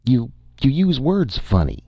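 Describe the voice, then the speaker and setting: A man's voice: mid-range voice, sing-song, unhurried, no echo, muffled recording, pitched above the performer's own voice. A man reading a short story aloud, voicing a blunt, puzzled young small-town man. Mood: unsure.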